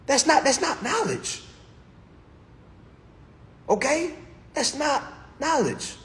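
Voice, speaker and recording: A man delivering an animated motivational rant to his followers, preachy and repetitive, constantly checking in with his listeners. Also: extremely high pitch, slow, echoey room. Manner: preachy, keeps checking in with "all right?". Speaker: social media host.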